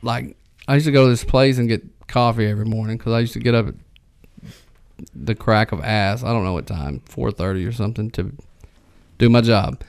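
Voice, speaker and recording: A young man from Missouri with a Midwestern accent and a gravelly edge to his voice. He rambles through stories and throws in crude jokes. The recording is close and dry. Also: on the low side, brisk, a little mellow, no echo. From Missouri, USA. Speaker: podcast co-host. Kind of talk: casual chat.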